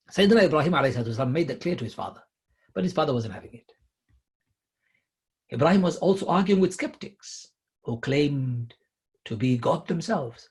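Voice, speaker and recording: A middle-aged man giving a sermon, retelling scripture emphatically, rising loud then dropping to a hush. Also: mid-range voice, slightly rough. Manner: emphatic, swings between loud and hushed. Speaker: preacher.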